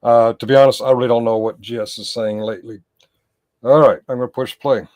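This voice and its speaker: A man's voice: mid-range voice, steady tone, brisk, a little mellow. Rambling male livestream commentator. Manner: rambling, self-correcting, talks to his chat. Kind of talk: casual reaction commentary.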